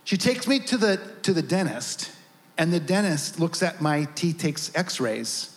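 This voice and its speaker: A pastor telling a lively personal story at the start of his sermon, acting out the other people in it. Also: fairly high pitch, measured pace. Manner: animated storytelling, acts out voices.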